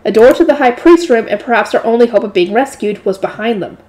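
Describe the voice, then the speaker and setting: A woman reading a light novel aloud in a steady narrating voice, adding her own asides. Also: a little high, fast talker. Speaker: audiobook reader.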